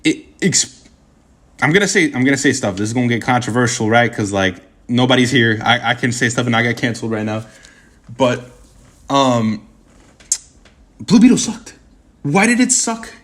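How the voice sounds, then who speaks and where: A young man talks loosely to his stream chat in an average-pitched voice. He rambles and gets animated, stumbling over his words and restarting his sentences often. He peppers his talk with casual slang. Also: moderate pace. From Puerto Rican heritage.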